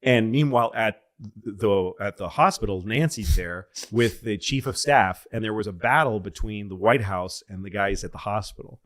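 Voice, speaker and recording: A man on a comedy podcast telling a long rambling story in casual chat, profane and loose, breaking into loud excited bits. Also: lowish voice, normal speed. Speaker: podcast co-host.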